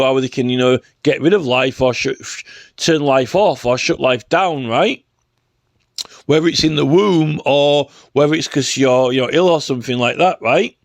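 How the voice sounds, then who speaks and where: A man's voice: on the high side, no echo, clean studio sound. A man talking off the cuff in a rambling, sarcastic rant, full of "you know" and "right?". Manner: sarcastic, mocking. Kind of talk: casual spoken rant.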